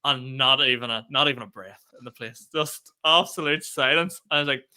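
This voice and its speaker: A man's voice: mid-range voice, moderate pace, sharp tone, clean tone. A man co-hosting a comedy podcast, telling stories animatedly and swearing freely. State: feeling under the weather. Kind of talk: casual chat.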